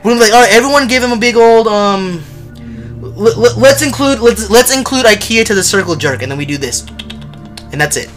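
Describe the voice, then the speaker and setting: A livestreamer giving casual horror game commentary, chatty with viewers and prone to loud yelps and nervous laughter. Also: medium pitch, animated, fairly quick, faint music behind. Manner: chatty, talks to chat viewers.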